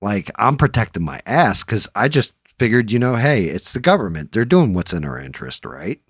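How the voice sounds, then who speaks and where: Casual male show host, low register, salty storyteller, dry close mic. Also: moderate pace, breathy edge, no room sound. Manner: profane, storytelling, animated when riled up. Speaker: podcast host. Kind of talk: casual chat.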